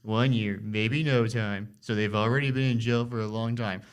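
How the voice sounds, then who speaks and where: A young man putting on an impression of a blustering older male politician, with a slow, emphatic drawl. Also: on the low side, steady tone, smooth, lightly acted.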